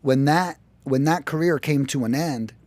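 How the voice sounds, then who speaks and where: An American man telling his work story in a casual podcast chat, animated and profane, often acting out quoted voices. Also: on the high side, moderate pace, no echo. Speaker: podcast guest, lead generation business owner.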